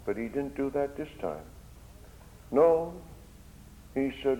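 This preacher from the Netherlands has a mellow mid-range voice with lively intonation, taking it slowly and pausing often. His impassioned sermon swells and drops in volume, heard through a dull, lo-fi recording.

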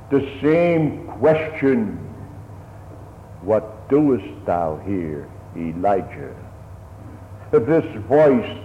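A man preaching a sermon slowly and solemnly, building to raised emphasis at times. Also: mid-range voice, slight background noise. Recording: tinny phone-like sermon recording in an echoey hall.

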